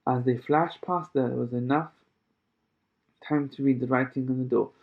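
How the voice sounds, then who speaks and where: A man reading a children's novel aloud chapter by chapter, with expressive storytelling. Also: mid-range voice, moderate pace, gravelly. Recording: tinny phone-like sound.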